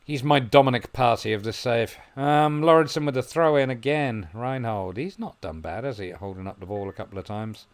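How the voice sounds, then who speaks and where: A man commentating on his football management game, musing quietly and then breaking into excited play-by-play. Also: mid-range voice, normal speed, few pauses. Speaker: gaming video host. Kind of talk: gameplay commentary.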